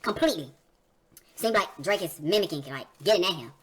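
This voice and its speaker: A woman's voice: on the low side, animated, fairly quick, crowd noise. A woman hosting a reaction video, talking emphatically in casual slang and asking rhetorical questions.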